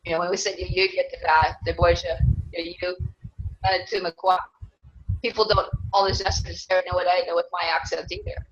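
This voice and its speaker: A woman's voice: fairly low pitch, little pitch movement, a little fast. Rambling earnest woman, lo-fi sound. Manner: rambling, earnest, laughs often. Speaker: interviewee, self-described clan mother. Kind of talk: casual interview talk. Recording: dull lo-fi sound.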